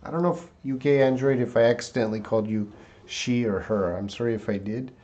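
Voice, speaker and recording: A man's voice: medium pitch, brisk, mellow. A man teaching English pronunciation on a live stream from a desktop mic, talking casually with many hesitations. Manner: casual, hesitant, reads viewer comments aloud. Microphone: desktop USB mic.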